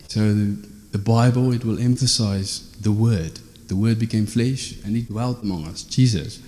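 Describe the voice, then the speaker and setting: A male preacher talks through scripture in a relaxed, conversational way, checking in with his listeners through tag questions. His voice sits low, with a mellow, dark tone. The sound rings out with the long reverb of a hall. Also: normal speed, hardly any pauses. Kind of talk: informal teaching sermon.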